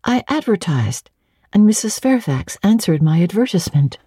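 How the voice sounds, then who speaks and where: A woman voicing an earnest eighteen-year-old governess who answers quietly and plainly. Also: medium pitch, big pitch swings, moderate pace, breathy edge, no room sound, studio quality, pitched above the performer's own voice.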